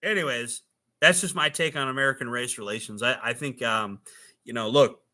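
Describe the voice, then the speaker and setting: A man's voice: medium pitch, moderate pace, pushed and bright. A man hosting a casual, rambling monologue, with plenty of restarts and fillers. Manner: rambling, many fillers and restarts, laughs at own jokes. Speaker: host.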